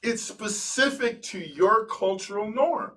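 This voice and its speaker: A man hosting a podcast as a psychologist, telling stories in an animated way and slowing to stress points. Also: high voice, recorded from a distance, rough recording. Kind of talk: casual interview chat.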